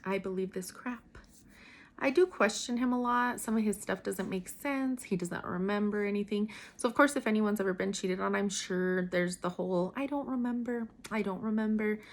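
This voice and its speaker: A woman's voice: mid-range voice, steady tone, moderate pace. Chatty woman telling a story. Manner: candid, emphatic, many fillers and restarts. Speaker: vlogger telling a personal story. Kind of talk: casual storytime monologue.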